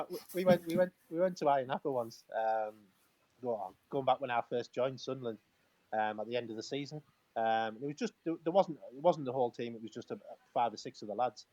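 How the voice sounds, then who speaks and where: A chatty man spins anecdotes in a live talk-in, his voice sitting at an ordinary middle pitch. He laughs between lines and acts out both sides of old conversations, stumbling and restarting as he goes. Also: mellow, dry recording. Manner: chatty and laughing, acting out quoted dialogue; halting restarts and fillers. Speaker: guest, former footballer. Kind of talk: casual storytelling on a live talk-in.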